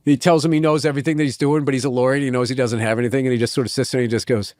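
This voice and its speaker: A stand-up comedian, guesting in an interview, tells rambling, profane stories in casual chat, acting out the voices of the people involved and trailing off into asides. His medium-pitched voice is steady, a little mellow, and rapid-fire, recorded clean in a studio with no room sound.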